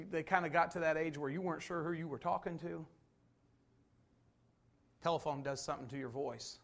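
High-voiced pastor preaching earnestly. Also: male voice, a bit bright. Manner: earnest, repeats points with rhetorical questions. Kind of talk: sermon. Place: church.

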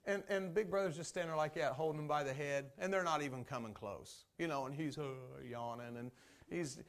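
A man preaching a sermon as pastor, folksy and animated, with many fillers and asides. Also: fairly high pitch, brisk.

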